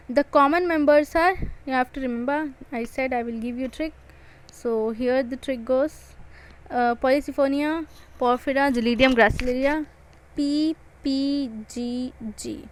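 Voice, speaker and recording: A woman's voice: high-pitched, low-quality recording. A woman with an Indian English accent giving an exam-prep biology lecture, repeating and stressing key points. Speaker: biology teacher.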